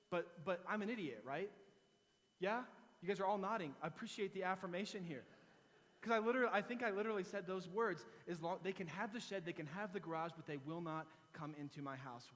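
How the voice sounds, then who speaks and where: A pastor giving a sermon, moving between firm exhortation and animated, self-mocking storytelling. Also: male voice, on the high side, in a large hall. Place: church sanctuary.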